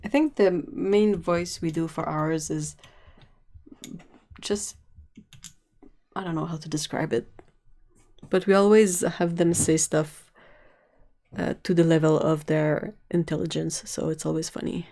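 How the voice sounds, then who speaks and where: A woman's voice: low voice, fairly even intonation, measured pace, pauses often, warm tone. A woman hosting a livestream in casual chat, telling stories in a chatty, giggly way. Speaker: livestream host.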